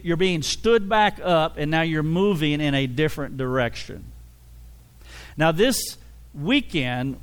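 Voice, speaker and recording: Animated preaching man with clear voice. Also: on the high side. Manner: animated, humorous, acts out quoted dialogue. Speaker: pastor. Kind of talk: sermon.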